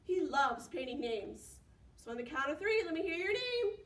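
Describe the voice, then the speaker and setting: A young woman leading a preschool storytime as a children's librarian, with lively gasps, whispers and sing-along songs. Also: high-pitched, moderate pace. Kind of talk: preschool storytime reading and singing. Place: library room. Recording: echoey room, mic at a distance.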